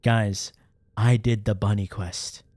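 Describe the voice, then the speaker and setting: A man livestreaming and reacting in a casual chat, animated and profane, with his pitch swinging up and down. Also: slow pace, dry recording.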